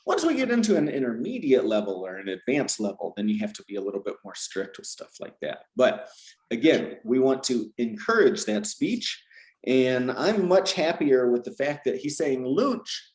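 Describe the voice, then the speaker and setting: A man's voice: mid-range voice, big pitch swings, normal speed, roomy sound. A man from Georgia with no Southern accent, a language teacher casually explaining his teaching approach, with lots of fillers and self-corrections. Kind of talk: casual conversational advice.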